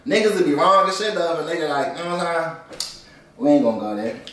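A man's voice: on the high side, quick pace, a bit bright, distant mic. A young man hosting, delivering a profane, rambling, slang-heavy comedic rant. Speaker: host. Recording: echoey room, voice away from mic.

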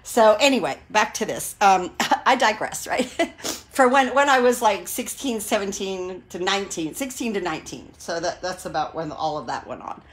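A woman in her sixties chats her way through a live crafting stream, wandering off topic and greeting viewers by name. Her voice sits at an ordinary middle pitch, warm-hearted and gushing, with plenty of fillers as she talks. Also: animated, moderate pace. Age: 60s. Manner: gushing and enthusiastic. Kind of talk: casual live-stream chat.

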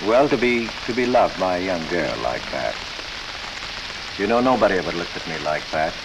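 An actor playing a shy, lonely middle-aged cashier who stammers and hesitates, in a 1940s film. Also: male voice, sits low, lively intonation, moderate pace. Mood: bashful. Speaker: timid cashier. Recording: old film audio with noise.

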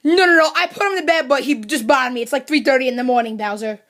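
A woman's voice: sits high, fast talker, fairly bright tone, pitched below the performer's own voice. A woman voicing a cranky, overworked mushroom servant who rants sarcastically, in a comedy puppet skit. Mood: exasperated. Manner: exasperated ranting, sarcastic.

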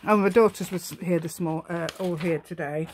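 In a casual crafting tutorial, the middle-aged host of a craft channel chats while working, voicing her thoughts, poking fun at herself and humming little tunes. Her voice is on the low side and a bit mellow, with fairly even intonation and a normal speed. Slight background noise is audible.

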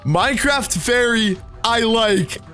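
A man with a high, youthful voice narrates his gameplay in an excited, teasing way, breaking into giggles again and again. Soft music plays quietly behind him. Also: slow. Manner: giggly, keeps laughing, animated and teasing. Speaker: Minecraft YouTuber. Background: faint background music.

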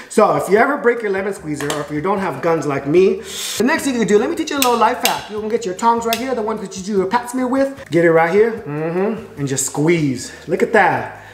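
Crude, joking cooking vlogger. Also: female voice, medium pitch, lively intonation, a little fast, echoey room, slight background noise. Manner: crude, campy joking asides. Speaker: home cook and vlogger. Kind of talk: cooking vlog. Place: home kitchen.

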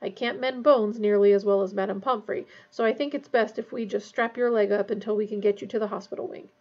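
A woman reading the part of a calm adult male wizard teacher, quiet and businesslike, in a husky, gravelly voice. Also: mid-range voice, a little fast, dull audio, close to an everyday voice.

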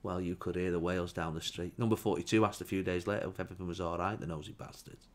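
Deadpan man telling a story. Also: low-pitched, fast talker. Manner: dry, mock-solemn storytelling. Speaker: comedian. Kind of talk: deadpan comic monologue.

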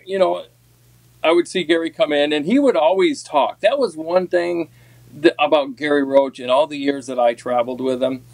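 A man, a former tournament angler, telling a long, rambling story in a casual podcast chat, folksy and full of ums. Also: on the high side. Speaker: podcast guest, former walleye tour pro.

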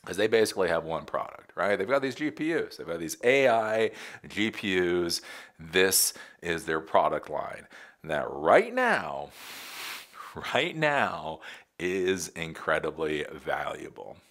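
Male host, casual commentary, low voice with big swings, sarcastic, laughs a lot. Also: takes it slowly. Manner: sarcastic, animated, laughs often.

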